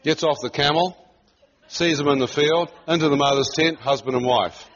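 A man's voice: on the high side, normal speed. A middle-aged man from New Zealand preaching, telling a personal story with laughter and acted-out quotes. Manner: animated, laughs often, acts out quoted voices. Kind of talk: sermon storytelling. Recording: muffled lo-fi sound.

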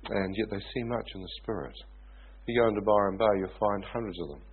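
A man from New preaching, telling stories in an animated way and often asking his listeners if they follow. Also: fairly low pitch, brisk, husky. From New Zealand. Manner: animated storytelling, often asks "you know what I mean?". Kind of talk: sermon storytelling. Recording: tinny phone-like sound.

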